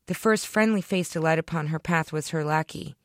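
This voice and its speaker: A woman reading her own short story aloud in a deadpan storytelling manner, close to the microphone. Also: low-pitched, a little fast, dry recording. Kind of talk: fiction reading.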